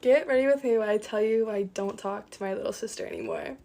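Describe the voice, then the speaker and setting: A woman's voice: mid-range voice, fast talker, vocal fry, mellow. A woman telling a get-ready-with-me storytime in a chatty, casual way.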